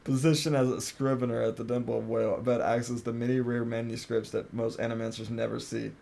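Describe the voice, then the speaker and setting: A man's voice: mid-range voice, flat delivery, fast talker, gravelly, dark tone, a little hiss or hum, close to an everyday voice. A man reading as a guarded woman scholar. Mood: matter-of-fact. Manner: plain read-aloud of game dialogue. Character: female scholar of soul magic, guarded.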